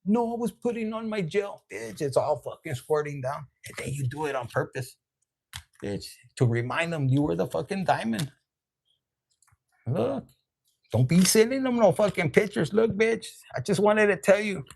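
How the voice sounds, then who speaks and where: A brash online tarot reader who talks in loose slang and swears freely. The voice sits at a middle pitch with a gravelly, creaky texture, and faint noise hums underneath. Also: lively intonation, normal speed, a little mellow. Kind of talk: casual, profane online tarot reading.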